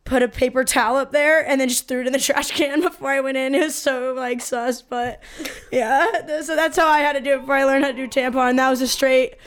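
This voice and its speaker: A young woman with a high, smooth voice tells a story on a podcast. She is animated and casual, swears freely, and acts out what people said. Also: brisk. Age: 20s. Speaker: podcast co-host.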